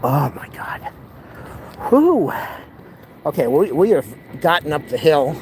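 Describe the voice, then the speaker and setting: Breathless man, walking vlog, slightly high, chatty and exclaiming, street noise behind. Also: moderate pace, a little mellow, rough recording. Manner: chatty, rambling, exclaims often. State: out of breath, overheated. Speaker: vlogger. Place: outdoors on a city street near an airport. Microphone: camera held while walking.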